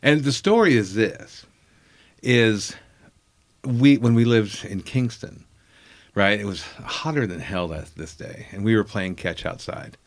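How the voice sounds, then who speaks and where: A man's voice: on the low side, animated, measured pace. A comedian telling a profane, self-mocking story from his childhood in casual chat.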